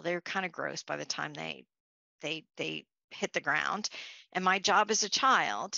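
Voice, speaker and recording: Casting: woman leadership speaker, lowish gravelly voice with a bright edge, conversational storyteller, dry muffled recording. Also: dry recording. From Long Island, New York. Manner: conversational, restarts, storytelling asides. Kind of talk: leadership talk.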